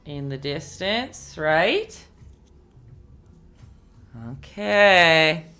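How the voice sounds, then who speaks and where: Soft music plays behind a deep-voiced woman teaching painting on a livestream; she talks extremely slowly with lively intonation and a sharp tone, staying chatty and encouraging while humming as she paints.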